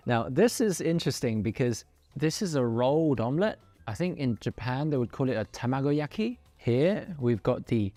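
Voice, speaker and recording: A man hosting a casual food review, playful and animated as he describes each dish. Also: medium pitch, no echo. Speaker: food show host.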